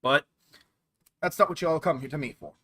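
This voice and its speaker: A man hosting a let's play in a casual game commentary style, chatty and quick to laugh. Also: on the high side, bright, forceful tone.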